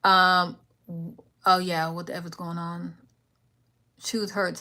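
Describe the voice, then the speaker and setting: A young woman hosts a late-night live stream and fires back at a commenter in a sassy, confrontational rant. Between bursts she drops low to mutter chat messages half under her breath. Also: flat delivery, takes it slowly, pauses often, bright, forceful tone. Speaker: livestream host.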